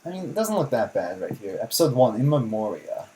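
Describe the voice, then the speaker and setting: A young man hosts a live reaction video. He sounds baffled and keeps laughing, blurting out questions. His voice sits at an ordinary pitch. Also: sing-song, brisk, mellow. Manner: incredulous, laughing, repeats "what?".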